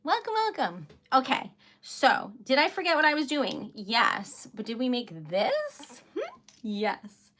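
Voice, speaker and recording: A woman's voice: high voice, wildly swooping pitch, slow pace, a bit bright, a little hiss or hum. A young woman chatting casually and giggling often on her own craft livestream, calling herself a really emotional lady. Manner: bubbly, giggly, chatty, self-described emotional. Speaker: livestream host making wax seal crafts.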